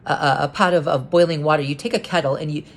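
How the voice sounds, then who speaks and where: A woman's voice: sits low, steady tone, fast talker. A woman casually retelling a confrontation to camera, rambling and repeating herself with an indignant, earnest tone. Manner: rambling, repeats words and restarts often. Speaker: vlogger recounting an incident.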